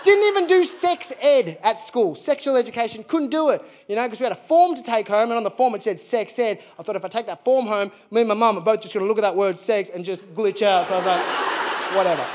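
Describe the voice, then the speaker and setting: Brief: wry, animated stand-up comic, thirties, light high voice. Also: male voice, fast talker, few pauses. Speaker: stand-up comedian. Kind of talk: stand-up comedy. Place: live theatre stage.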